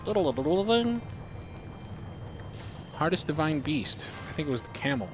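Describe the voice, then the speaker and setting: A man's voice: on the high side, big pitch swings, normal speed, music in the background. A man streaming a video game, chatting casually and in a rambling way with his viewers. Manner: laid-back, rambling. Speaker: gaming streamer. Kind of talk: casual gaming commentary.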